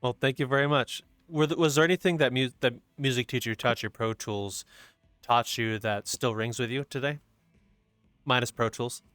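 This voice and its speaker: A man hosting a podcast, asking casual questions in a soft, halting way. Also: mid-range voice, clean tone, no echo. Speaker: podcast host.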